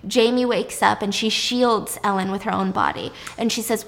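Animated young woman retelling a movie. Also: mid-range voice, moderate pace, creaky, few pauses, big-room sound. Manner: animated, swears casually. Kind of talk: casual film plot recap.

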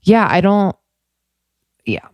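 A woman's voice: medium pitch, big pitch swings, slow pace, dry recording, lo-fi sound. A woman co-hosting a casual chat podcast, talking openly and laughing easily, with lots of fillers. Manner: open, confiding, laughs easily, many fillers.

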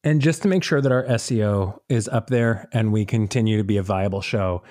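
A man's voice: fairly low pitch, fairly quick, a little mellow, no echo, studio quality. A man co-hosting a podcast in casual chat, joking and rambling. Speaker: podcast co-host.

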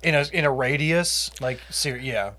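A man co-hosting a casual true crime podcast, chiming in and riffing with quick jokes. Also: medium pitch, sharp tone. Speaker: podcast co-host.

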